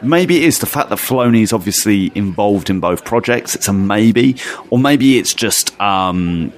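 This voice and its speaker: Male co-host, low voice with a lively swing, casual chat, hesitant reader. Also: moderate pace. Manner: hesitant, restarts, reads aloud. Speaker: podcast co-host. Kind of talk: casual chat, reading a listener question.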